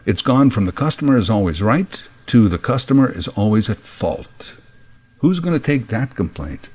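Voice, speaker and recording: A man's voice: lowish voice, moderate pace, breathy edge. Wry man telling comic stories. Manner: wry, deadpan punchlines. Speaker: podcast host. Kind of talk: comedic storytelling monologue.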